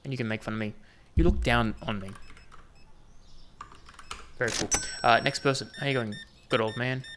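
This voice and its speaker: A man's voice: mid-range voice, fairly even intonation, moderate pace, noisy background. A man giving casual, jokey commentary while playing a game, bantering with the customers on screen. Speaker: gaming video host.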